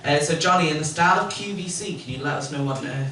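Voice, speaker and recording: Male compere, jokey and rambling, slightly high voice, echoey club from far off, noisy room. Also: quick pace, a crowd in the background. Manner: rambling, jokey, full of ums. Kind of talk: comedy compering. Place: comedy club.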